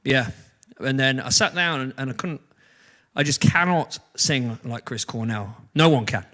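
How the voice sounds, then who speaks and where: A man in a band, chatting casually between songs in a lively way and laughing often. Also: medium pitch, unhurried. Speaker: band member hosting a live-streamed jam.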